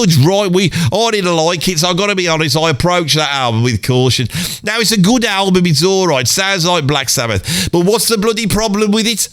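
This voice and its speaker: This time the man's high, slightly bright voice, recorded dry, takes on the role of a middle-aged Birmingham bloke grumbling in a Birmingham accent. He rambles through a comic rant, mildly swearing and saying "bloody" throughout.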